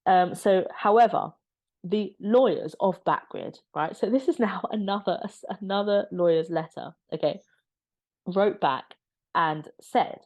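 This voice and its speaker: A woman's voice: mid-range voice, a little slow, a little mellow. A woman giving casual, opinionated commentary as a vlogger, sarcastic and exasperated.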